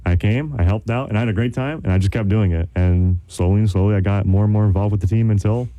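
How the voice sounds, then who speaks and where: A man's voice: fairly low pitch, quick pace, warm tone, no room sound. A young airman from New York, a guest in a radio interview, easygoing and good-humored. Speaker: airman, volunteer group vice president.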